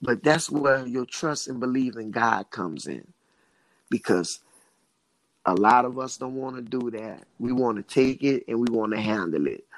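A man's voice: mid-range voice, lively intonation, unhurried, no room sound, poor audio. A man as an interview guest, a recovery advocate telling his story earnestly, with emphatic repetition.

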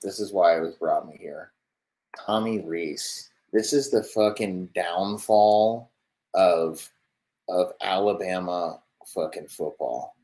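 Deep-voiced profane young man streaming. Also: darkish tone, low-quality recording. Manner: profane, swears constantly; loose and rambling, talks to viewers. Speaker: streamer reacting to football highlights. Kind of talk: casual live-stream commentary.

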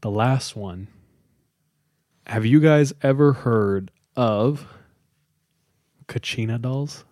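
A man hosting a podcast, casually telling a scary story with dramatic pauses and lots of "like.". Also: mid-range voice, no room sound, clean studio sound. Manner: relaxed, dramatic pauses, many "like"s.

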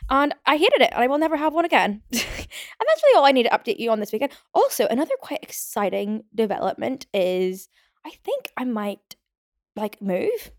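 A woman's voice: high-pitched, very animated, fairly quick, no echo, studio quality. Chatty young woman podcaster. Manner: chatty, rambling, lots of "like". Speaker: podcast host. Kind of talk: casual solo podcast chat. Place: home.

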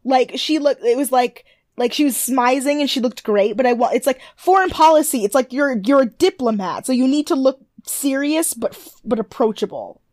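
A woman's voice: high-pitched, moderate pace, hardly any pauses, darkish tone, dry recording. A woman co-hosting a casual recap chat, talking loosely with lots of fillers and acting out quotes. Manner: chatty, lots of "like", acts out quotes. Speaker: podcast co-host.

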